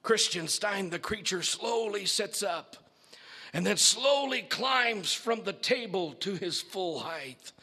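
A man preaching a sermon, telling a story in a theatrical, slow manner. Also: high voice, animated, pushed and bright.

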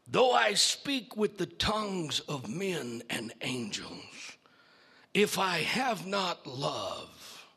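A man voicing a hulking, hostile male creature who speaks slowly in a low, menacing voice. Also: big pitch swings, sharp tone, breathy edge, exaggerated voice. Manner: low, slow and menacing, rising to bellows.

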